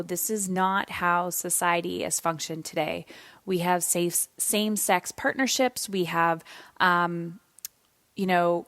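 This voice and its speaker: A tired woman in her thirties talks through a solo podcast episode in a candid, conversational way. Her voice sits low for a woman, and the sound is dry and close, with no room around it. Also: no room sound. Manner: candid, conversational, with some swearing. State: yawning, tired. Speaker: podcast host.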